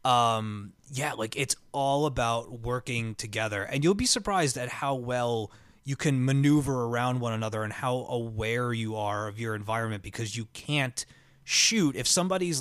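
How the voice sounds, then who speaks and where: Brief: excitable male co-host, mid-pitched, rambling casual delivery, dry close sound. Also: dry recording. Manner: excitable, rambling storyteller full of "like". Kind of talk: casual chat.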